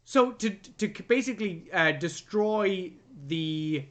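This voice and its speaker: A young man talks through a film's plot on a casual review podcast. His voice sits a bit high. He swings up and down animatedly, breaking into loud character voices as he goes. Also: takes it slowly. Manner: animated retelling of scenes, jumps into loud put-on character voices. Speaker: podcast co-host. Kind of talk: casual movie review chat.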